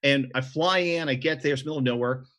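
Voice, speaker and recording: A man's voice: medium pitch, fast talker, fairly bright tone. A man from the Southern United States, a convention organizer, telling anecdotes in a casual chat. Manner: storytelling, anecdotal.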